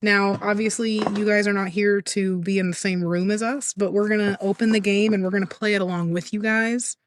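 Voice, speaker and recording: A young woman co-hosting a podcast in casual chat, easygoing and quick to laugh and agree. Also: mid-range voice, fairly even intonation, slight background noise. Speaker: podcast co-host.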